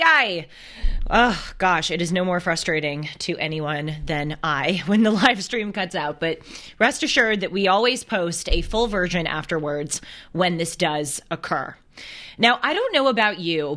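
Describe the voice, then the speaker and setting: A woman's voice: fairly low pitch, pushed and bright. A woman hosting a live call-in talk show, chatty and playful, laughing often as she talks.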